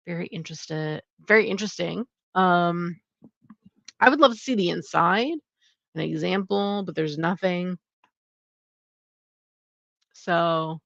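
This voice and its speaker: A young woman with a lowish, gravelly voice rambles casually through new book releases, full of "um" and "like." The sound is dull and lo-fi, close and dry with no room around it. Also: a bit bright, no room sound. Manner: chatty, rambling with many fillers. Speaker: channel host. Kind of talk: casual upcoming-releases review.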